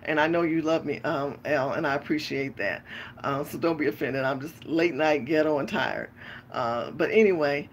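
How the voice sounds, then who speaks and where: A woman's voice: deep voice, normal speed, slight background noise. A tired woman hosting a late-night livestream rant, talking bluntly with lots of profanity. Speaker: livestream host and pastor.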